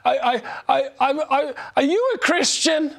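A shaken young woman who stammers and apologizes as she speaks, her voice pitched well above the teller's own. A man puts her on while retelling the story in a sermon. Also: expressive, a little slow, vocal fry, a bit bright, heavily acted. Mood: anxious, apologetic. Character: distressed tearful young woman on a plane.

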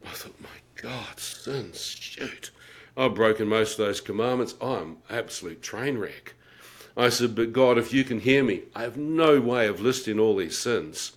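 A man's voice: on the low side, moderate pace. Wry middle-aged man telling his testimony. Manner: vivid, wry, laughs at himself, acts out his own inner talk. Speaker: guest telling his conversion story. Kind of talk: personal testimony storytelling.

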